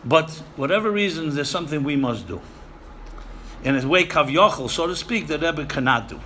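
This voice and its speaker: Emphatic bright-voiced man lecturing. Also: a little high, lively intonation, normal speed, slight background noise. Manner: emphatic, repeats phrases, Yiddish and Hebrew terms. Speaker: rabbi lecturing seminary students. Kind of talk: sermon-style lecture.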